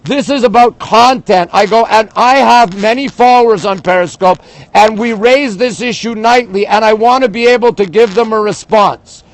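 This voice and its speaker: A man's voice: sits high, moderate pace, dry recording, rough recording. An older man from Montreal ranting in casual chat on a live stream, talking straight to his viewers and reading out their comments. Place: outdoors in a big city at dawn. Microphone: phone.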